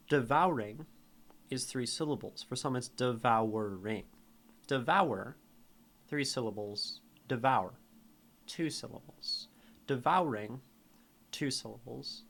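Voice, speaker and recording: A man's voice: mid-range voice, fairly bright tone. A man streaming live, reading a poem aloud and then picking apart its meter and syllables. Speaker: streamer critiquing poetry.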